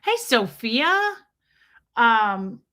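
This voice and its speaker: A woman's voice: a little high, very animated, very slow, bright, forceful tone. A woman hosting a casual livestream, chatting playfully and reading viewers' names aloud. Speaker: livestream host. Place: countryside home.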